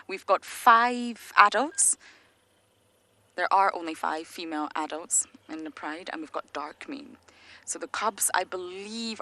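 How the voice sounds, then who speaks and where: A woman's voice: fairly low pitch, pushed and bright. A woman guiding a live safari from an open vehicle, explaining animal behaviour enthusiastically and dropping to a whisper near the animals. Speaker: safari field guide.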